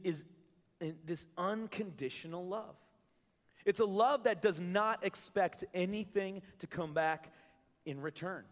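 A male pastor preaching a sermon to his congregation in a conversational, joking way, often restarting his words. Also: sits high. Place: church hall with a live congregation. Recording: reverberant church hall.

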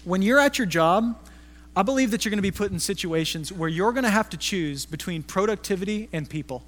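A middle-aged pastor with a high-pitched voice preaches in a relaxed, storytelling way. His voice rings with the long reverb of a church hall. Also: brisk. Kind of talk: sermon.

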